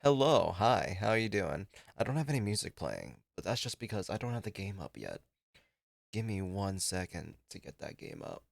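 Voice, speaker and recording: A man's voice: low-pitched, wildly swooping pitch, moderate pace, gravelly, no echo, clean studio sound. A man in his twenties chatting casually on a game livestream, rambling and swearing freely, with plenty of fillers and restarts. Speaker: game streamer.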